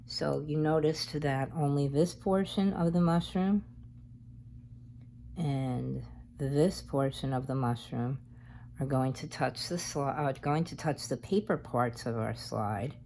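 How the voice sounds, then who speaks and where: A woman's voice: low-pitched, creaky, dark tone, slight background noise. A woman chatting casually through a craft tutorial, meandering as she works. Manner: chatty and meandering, talks while working. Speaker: craft vlogger.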